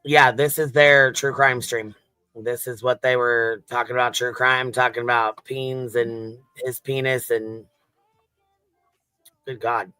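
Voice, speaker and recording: A man's voice: mid-range voice, flat delivery, a little slow, sharp tone, clear, resonant tone, no room sound. A man hosting a casual livestream panel, laid-back and swearing freely. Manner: laid-back and heavily profane.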